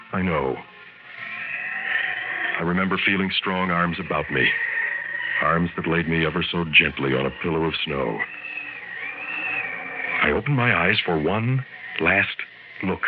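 A man giving a dramatic radio reading as a young wounded Marine writing home, earnest and wistful, over a tinny recording with music. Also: sits low.

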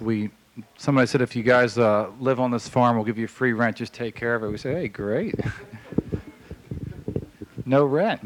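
A man telling a long personal story in a casual, halting way, with many fillers, acting out the voices of the people in it. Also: medium pitch, a bit bright, rough recording. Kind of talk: casual spoken anecdote.

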